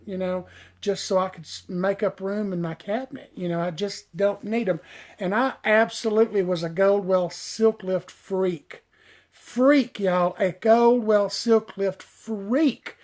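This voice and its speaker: A middle-aged hairstylist hosts a live stream, chatting folksily with viewers and calling them y'all. Now and then he breaks off to coax his dog in a high sing-song.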